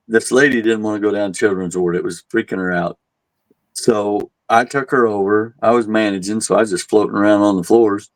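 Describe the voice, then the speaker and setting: Male tour guide, relaxed storyteller who voices the people in his tale; dry, close recording. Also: lowish voice, dry recording, low-quality recording. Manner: laid-back, animated when quoting people, chuckles at his own jokes. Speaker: haunted asylum tour guide. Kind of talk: casual storytelling.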